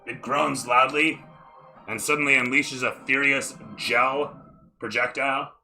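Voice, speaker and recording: A man runs a tabletop game as dungeon master, and his voice is strikingly bright and forward. He describes the scene in cinematic sweeps, then breaks off into offhand, profane table talk. Soft background music plays beneath him. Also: mid-range voice, steady tone, a little slow, rough recording. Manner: cinematic scene narration with casual asides and swearing. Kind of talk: narrating a tabletop game online.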